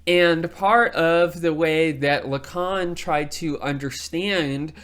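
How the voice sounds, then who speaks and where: Texan lecturer, unhurried, casual academic talk, lots of fillers and tag questions. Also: mid-range voice. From Texas. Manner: relaxed, thinking aloud with many fillers and tag questions.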